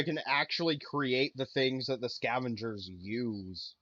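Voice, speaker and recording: A man's voice: mid-range voice, expressive, unhurried, few pauses, sharp tone, no echo, lo-fi sound. A man casually chatting while streaming a video game, rambling and losing his train of thought. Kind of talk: casual gameplay chat.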